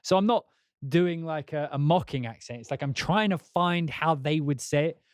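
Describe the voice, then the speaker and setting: A man hosting a casual live-stream, chatting and rambling while demoing music software. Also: a little high, normal speed, no room sound, clean studio sound. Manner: chatty, rambling, laughs often. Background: music playing.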